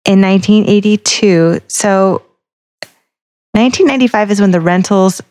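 A woman's voice: medium pitch, normal speed, a little mellow. A woman co-hosting a casual podcast chat, talking through song lyrics line by line and thinking aloud as she goes. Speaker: podcast co-host.

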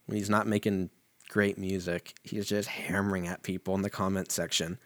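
A man's voice: low voice, steady tone, a little slow, no echo. A man hosting a podcast in casual chat, profane and rambling as he reads a comment aloud, a little tipsy from whiskey. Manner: profane, rambling, self-mocking. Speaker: podcast host.

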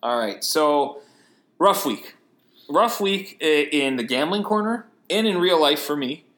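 A man co-hosting a casual sports podcast, chatty and quick to laugh as he rattles off lists of players and numbers. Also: a little high, lively intonation, fairly bright tone, faint music behind. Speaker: podcast co-host.

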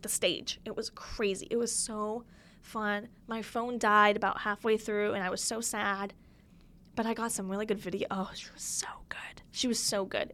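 A young woman hosting her own podcast alone in a small studio, chatting casually and gushing, swinging between loud bursts and soft near-whispers. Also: a little high. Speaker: podcast host. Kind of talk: casual solo podcast chat. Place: small studio room with a window.

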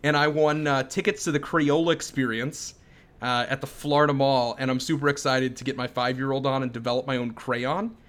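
A man's voice: medium pitch, fairly even intonation, brisk, fairly bright tone. A man in his thirties co-hosting a podcast, chatting in an upbeat, easily amused way. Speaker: podcast co-host. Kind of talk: casual chat.

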